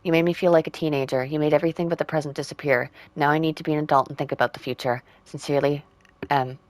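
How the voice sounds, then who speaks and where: A woman playing a puzzle game, reading in-game letters aloud and working out clues with quiet asides. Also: sits low, steady tone, fast, no echo. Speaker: game streamer.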